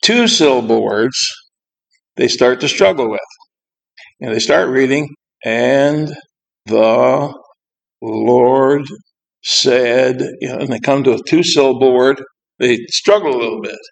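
A man talks to a congregation about his prison ministry work. His delivery is plainspoken and rambling, full of side remarks and pauses as he collects his thoughts. His voice sits at a middle pitch for a man. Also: expressive, vocal fry, poor audio. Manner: halting, with frequent pauses. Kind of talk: informal church talk to a congregation.

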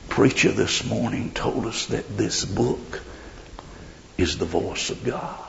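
A man preaching a sermon, swinging between loud declarations and hushed whispers. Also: medium pitch, expressive, slow pace, vocal fry, a little hiss or hum. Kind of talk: revival sermon. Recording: dull lo-fi recording.

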